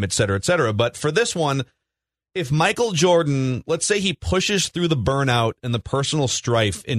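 A man's voice: medium pitch, fairly bright tone, no room sound. A man hosting a sports talk radio show, upbeat as he sets up segments with long questions.

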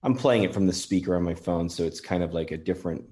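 A man casually demonstrating a recording tool, earnest and gently thankful toward spirits. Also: low-pitched, quick pace. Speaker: paranormal app demonstrator.

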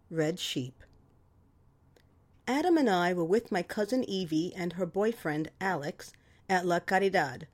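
A woman hosting a radio show, reading her own humorous memoir story with a sarcastic, lively delivery. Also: on the low side. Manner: lively, sarcastic storytelling with animated quoted voices.

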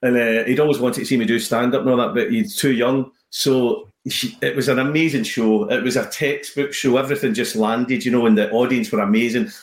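A Scottish man, a comedian and guest, chatting casually and telling animated stories with many restarts. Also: medium pitch, fairly quick, hardly any pauses. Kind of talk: casual chat. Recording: roomy echo.

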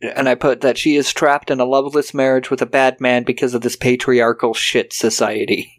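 On a podcast he co-hosts, a man casually recaps a film's plot, acting out the characters' lines and swearing freely. He speaks briskly, at medium pitch, in a level tone.

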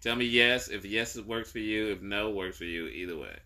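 A man co-hosting a casual podcast, bantering and joking in an animated way, dropping into quick mock voices. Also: fairly low pitch. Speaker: podcast co-host.

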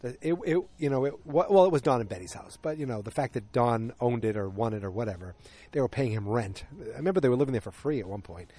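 A man's voice: medium pitch, lively intonation, fast, warm tone. A man in his forties casually recapping a TV episode, with lots of fillers and opinionated asides.

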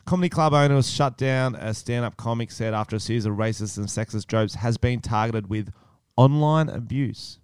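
A man's voice: mid-range voice, moderate pace, smooth, no echo. A young man co-hosting a comedy podcast, sarcastic and swearing as he reads out news stories. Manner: sarcastic, swearing, laughs often. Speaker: podcast co-host. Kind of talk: casual comedy podcast chat.

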